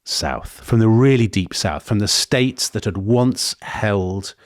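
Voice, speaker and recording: A man co-hosting a history podcast, telling the story in a lively, digressive way with frequent self-corrections. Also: on the low side, slow pace, dry recording, studio quality. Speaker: podcast co-host.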